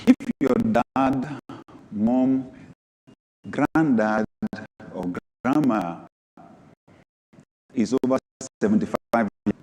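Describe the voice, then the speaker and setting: A man preaching a sermon as pastor, reading scripture aloud, moving from low asides to sudden high, emphatic bursts. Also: very slow, pauses often, mellow. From Nigeria. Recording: long hall reverb.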